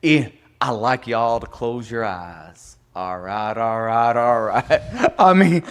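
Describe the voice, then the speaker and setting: A man's voice: medium pitch, lively intonation, takes it slowly, clear, resonant tone. A man co-hosting a casual podcast, brash and joking, with free swearing. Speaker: podcast co-host, lawyer. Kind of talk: casual chat.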